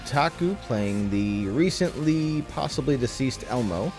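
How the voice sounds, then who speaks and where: A man's voice: medium pitch, lively intonation, a little slow, music in the background. A man acting as game master on a casual streamed tabletop session, chatty and rambling, teasing his players, speaking into a headset.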